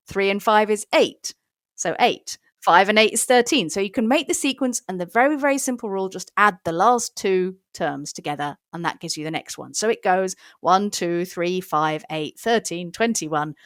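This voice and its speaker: A woman's voice: medium pitch, no echo, studio quality. A woman mathematician explaining patiently, step by step, as an interview guest.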